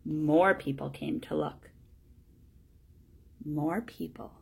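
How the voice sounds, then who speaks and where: A woman reading a children's storybook aloud in a plain, steady way, one sentence at a time. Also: deep voice, slow pace, vocal fry, slightly rough. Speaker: storybook reader.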